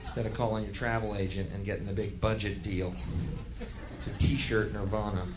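A man doing live stand-up comedy, ranting in a profane, sardonic way that swings from mutters to shouts. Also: fairly low pitch, fairly even intonation, fairly quick, loud music behind the voice. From United States. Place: comedy stage.

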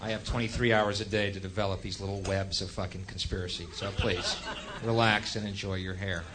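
A man doing live stand-up comedy, ranting in a profane, sardonic way that swings from mutters to shouts. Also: deep voice, level tone, brisk, over a noisy crowd, very noisy. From United States. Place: comedy stage.

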